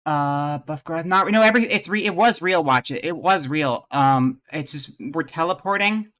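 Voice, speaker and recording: A man's voice: on the high side, moderate pace, pushed and bright. A man streaming live, chatting casually with his viewers, rambling and joking as he thinks aloud and greets people from chat.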